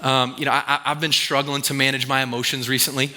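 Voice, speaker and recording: A man's voice: mid-range voice, level tone, noisy background, natural voice. A man voicing a young boy who halts and stumbles while owning up to his temper. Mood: sheepish. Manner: halting, apologetic.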